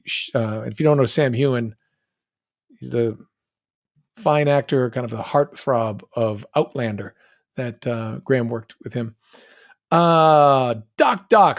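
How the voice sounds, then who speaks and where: An American man with a General American accent answering fan questions on a live stream, chatty and joking, with quick asides and restarts. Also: mid-range voice. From United States. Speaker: guest voice actor answering fan chat. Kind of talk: live stream Q&A, reading chat questions aloud.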